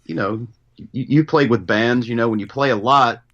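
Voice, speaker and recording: A man calling in as a guest musician, talking in a relaxed, easygoing way with a lot of hedging. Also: medium pitch, moderate pace. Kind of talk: casual interview chat. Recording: dull phone-line call.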